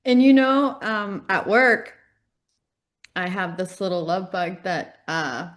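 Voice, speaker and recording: A middle-aged woman co-hosting a podcast, telling animated stories in casual chat and laughing often. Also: lowish voice, slow pace. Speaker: podcast co-host.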